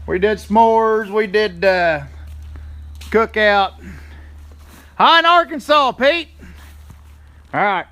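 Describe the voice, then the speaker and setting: A man's voice: high voice, takes it slowly, long pauses, pushed and bright. Folksy, chatty man. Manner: folksy, chatty, greets viewers by name. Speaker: livestreaming channel host. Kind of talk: casual live stream chat. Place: home, walking around the yard outdoors. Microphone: phone held in hand.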